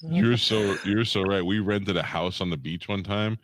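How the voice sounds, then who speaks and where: A very deep-voiced man speaking in a dry, close sound. He co-hosts a casual chat show, easygoing and profane, often breaking into laughs. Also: normal speed, a bit bright, dry recording. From lives in Florida. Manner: laid-back, profane, laughs easily. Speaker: podcast co-host.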